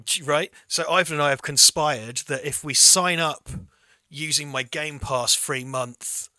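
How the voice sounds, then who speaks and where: A man's voice: on the high side, unhurried, bright, forceful tone, no echo. A man co-hosting a film watch party, chatting casually, joking and swearing freely. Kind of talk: casual chat.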